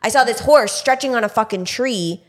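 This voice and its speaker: A woman's voice: a little high, moderate pace. A young woman co-hosting a podcast in casual chat, talkative, laughing often and swearing casually. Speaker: podcast co-host.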